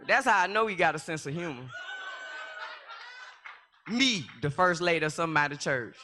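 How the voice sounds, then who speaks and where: A woman in her thirties shares a personal testimony at church, candid and funny, shifting from quiet reflection into loud, animated stretches. Her voice is low, her speed normal, and she leaves long pauses.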